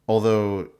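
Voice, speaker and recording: A very deep-voiced man co-hosting a political talk show and reading viewer messages aloud. He argues his points firmly and snaps when he is interrupted. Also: mellow, smooth. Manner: argumentative, laughing, quick to snap. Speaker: podcast co-host reading super chats. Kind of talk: casual political banter.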